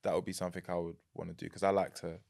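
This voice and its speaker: A young man with a London accent, chatting as a podcast guest, animated and quick to laugh. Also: deep voice, creaky. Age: young adult. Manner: animated, laughs easily, repeats words. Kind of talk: casual chat.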